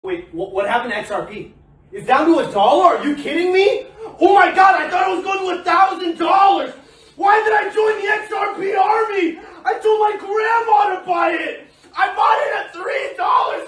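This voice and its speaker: A man yelling in panicked disbelief in a comedy rant. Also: extremely high pitch. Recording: echoey room, far from mic.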